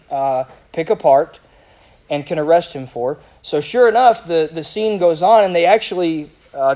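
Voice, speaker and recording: A man with a high, mellow voice preaches through a Bible passage. He talks to his listeners plainly and conversationally, asking rhetorical questions. When he reads scripture aloud, his voice rises with emphasis. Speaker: pastor. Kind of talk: expository sermon.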